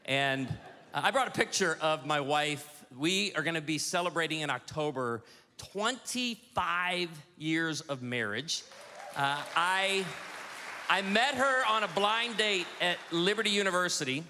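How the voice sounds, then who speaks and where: A man in his forties doing a stand-up comedy routine on stage, telling animated stories with quick asides to the audience. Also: fairly high pitch, slight background noise. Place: church hall on stage. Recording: hall reverb with faint audience ambience.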